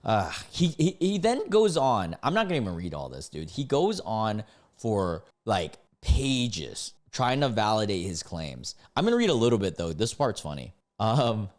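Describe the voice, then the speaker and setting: A man doing casual reaction commentary on online posts, full of slang like "dude" and "bro", with sudden high, loud outbursts. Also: big pitch swings, normal speed.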